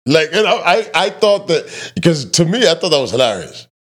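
Podcast host, man, loud and profane, swoops all over his pitch, casual banter. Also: sing-song, moderate pace. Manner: loud, joking, swears freely, teases his guest. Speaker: truck driver.

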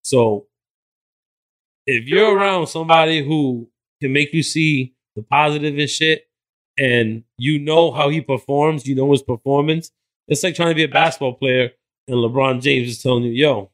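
A man's voice: fairly high pitch, normal speed, fairly bright tone. Earnest, motivational man from New Jersey. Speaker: guest, hip hop artist. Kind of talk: casual interview chat.

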